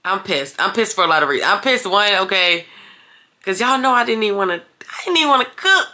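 Chatty woman with a bright voice. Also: medium pitch, animated, fast talker. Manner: chatty, addresses viewers as y'all, swears when annoyed. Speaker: vlogger. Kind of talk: casual vlog talk to camera.

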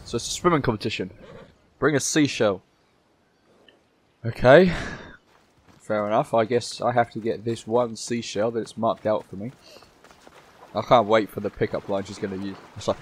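A man's voice: fairly low pitch, normal speed, pauses often, a little hiss or hum. A man giving casual, joking gameplay commentary, swearing freely as he plays. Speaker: gameplay YouTuber.

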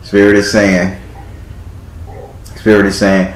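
A man's voice: fairly low pitch, moderate pace, roomy sound, low-quality recording. A man doing a live tarot reading in a theatrical, teasing way, swearing freely as he talks to a client. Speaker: tarot reader.

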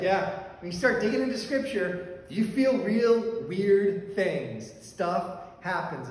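A male pastor telling a personal story in a sermon, conversational, with fillers and restarts. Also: medium pitch. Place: church sanctuary. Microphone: handheld or stand mic that fell during talk. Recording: very echoey church hall, faint background noise.

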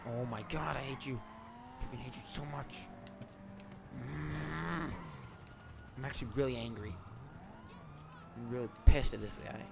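A man giving excitable live gameplay commentary as a gaming YouTuber, swinging between loud shouts and low mutters. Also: takes it slowly, vocal fry, pauses often. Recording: noisy, with loud game car sounds behind.

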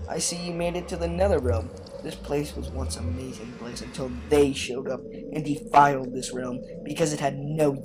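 Guy reading as a weary old survivor, stumbles over lines, plain mid pitch, faint background noise. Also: natural voice. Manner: halting, stumbles over words. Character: old male survivor who lost his wife. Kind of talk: reading game text aloud.

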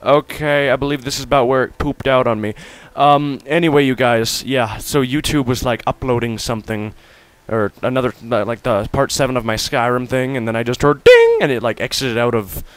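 A young man doing let's play commentary from his room, goofy and hyperactive, breaking into sudden shouts. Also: medium pitch, sing-song, fairly quick, hardly any pauses. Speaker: gamer host.

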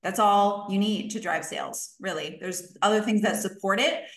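A woman coach teaching a live online workshop, emphatic and energetic, repeating key points for stress. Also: mid-range voice, normal speed, reverberant.

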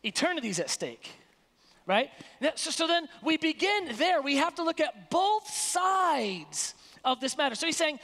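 A woman's voice: high-pitched, sing-song, unhurried, fairly bright tone, long reverb tail. A woman pastor giving a sermon in an emphatic, colloquial preaching manner, recorded in a church sanctuary.

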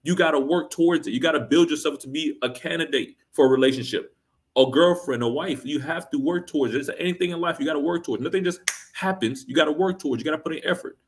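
A man's voice: on the high side, fast. A man hosting a reaction channel, giving blunt, critical commentary full of repetition and rhetorical questions.

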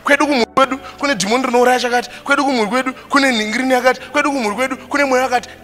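A man preaching a sermon as pastor, switching between languages and moving between animated and quiet passages. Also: very high voice, rapid-fire, in a large hall, faint music behind.

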